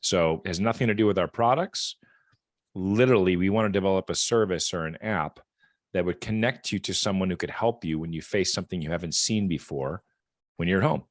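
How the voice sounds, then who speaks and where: A guest speaker from a rehab equipment company addresses a support group meeting, sharing stories earnestly and conversationally while often repeating words. His voice is low-pitched and fairly quick, captured in clean studio quality with no echo.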